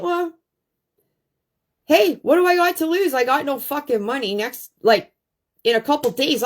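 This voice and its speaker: A blunt, foul-mouthed woman talks straight to her viewers over a phone livestream. Her pitch leaps all over the place while she takes her time with the words. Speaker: livestream host. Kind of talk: profane ranting livestream monologue.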